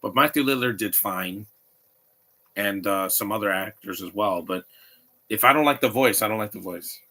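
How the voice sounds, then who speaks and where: A man giving a live watch-along commentary, his voice low-pitched but bright and forceful. He talks in an opinionated, rambling way and keeps restarting his sentences mid-thought. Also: moderate pace. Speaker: movie commentator.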